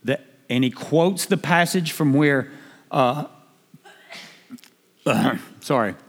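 A man preaching a sermon, emphatic and building to shouts. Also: on the high side, animated, takes it slowly. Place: church hall. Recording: long hall reverb.

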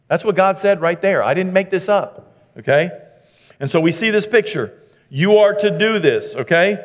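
A male pastor preaching a conversational sermon, acting out the quoted speech with lively emphasis. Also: sits high, normal speed, long pauses. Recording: hall reverb.

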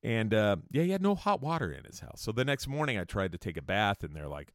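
Casting note: a man with a low, very lively voice, a rambling storyteller full of cursing and asides, dry close sound. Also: quick pace, no echo. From California. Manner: profane, rambling, joking asides. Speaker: musician telling tour stories. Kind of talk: casual storytelling monologue.

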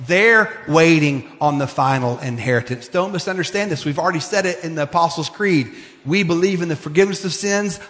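Conversational pastor in an echoing hall. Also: male voice, on the high side. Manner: conversational, animated retelling with fillers. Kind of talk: sermon. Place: church sanctuary. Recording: long reverb of a church hall.

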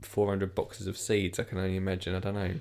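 A man's voice: sits low, completely flat delivery, quick pace, vocal fry, a little mellow. A man hosting a podcast in rambling, jokey casual chat. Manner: rambling, jokey, lots of fillers. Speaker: podcast host.

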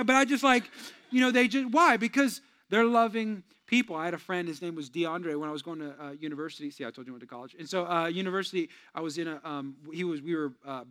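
A male pastor preaching in a high, lively voice. He pushes hard on his main points, then drops to quiet, joking asides to the congregation. His delivery is animated and conversational. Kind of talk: sermon.

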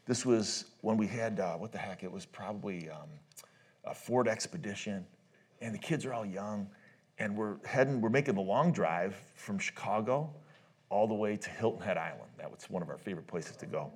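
A man's voice: lowish voice, husky. A middle-aged man speaking at a church marriage conference, telling personal stories in a loose, conversational sermon, often laughing at his own tales and restarting his sentences. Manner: loose, halting delivery with many restarts.

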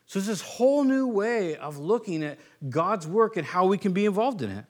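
High-pitched california guy preaching, chatty and jokey, does little voices for the people in his stories. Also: big pitch swings, normal speed, hardly any pauses. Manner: conversational, joking, acts out quoted voices. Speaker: pastor. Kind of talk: sermon.

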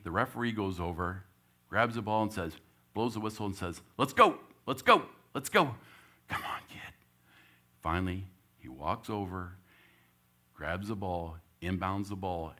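A man giving a church talk, telling a personal story and loudly acting out what he said as a coach. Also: low voice. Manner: animated storyteller, gets loud acting out his own coaching. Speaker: church speaker.

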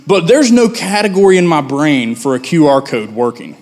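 A man in his thirties preaching a sermon as pastor, speaking conversationally and rising to loud pleading when he acts out a prophet's complaint. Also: fairly high pitch, very animated, fairly quick, few pauses.

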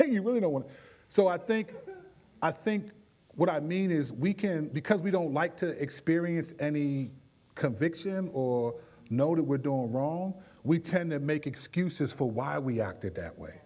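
Pastor, male, animated, talks in bursts, restarts often, voice a bit on the high side. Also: a little slow. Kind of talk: conversational Bible teaching in a Q&A.

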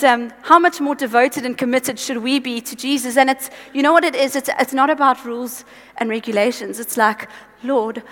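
Woman, high voice, conversational sermon, earnest and exhorting, voice tiring, long hall reverb. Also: fairly bright tone. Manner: earnest, exhorting, chatty asides. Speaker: preacher.

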